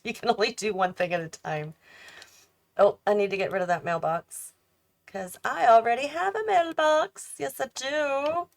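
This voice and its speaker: A medium-pitched, somewhat bright female voice comes from a gaming channel host. She's worn out and yawning, building a house in a game while chatting casually, thinking out loud and doubting her own choices.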